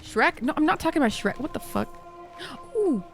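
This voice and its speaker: A woman's voice: high voice, very animated, moderate pace, vocal fry, faint music behind. A young woman streaming a video game, chatting playfully with viewers and swearing freely. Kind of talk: casual gaming commentary.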